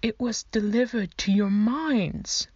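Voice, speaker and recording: A woman's voice: on the high side, takes it slowly, a little mellow, no room sound, voice pushed up. A woman voicing a goofy, fussy male skeleton clerk who talks down to people in an awful fake accent. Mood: condescending. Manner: terrible fake put-on accent. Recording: dull lo-fi dry recording.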